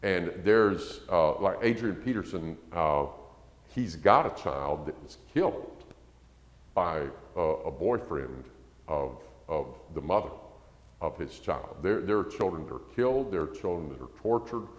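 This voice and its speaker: A man's voice: low voice, expressive, unhurried. A man preaching a conversational sermon, acting out quotes and rising to emphasis. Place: church sanctuary. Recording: echoey church hall.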